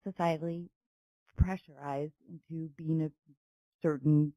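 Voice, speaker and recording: A woman's voice: sits low, fairly even intonation, unhurried, dark tone, no echo, highs cut off. A woman hosting a podcast, chatting casually and playfully with a guest, laughing often. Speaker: podcast host. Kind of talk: casual chat.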